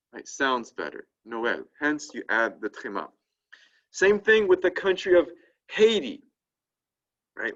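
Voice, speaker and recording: A male language teacher, lecturing to a class. He talks slowly and keeps asking "right?" to make sure the point lands. His voice sits a little high, and the recording sounds dull and lo-fi. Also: fairly bright tone. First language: French. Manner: explains slowly, checks in with "right?" after each point. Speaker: French teacher.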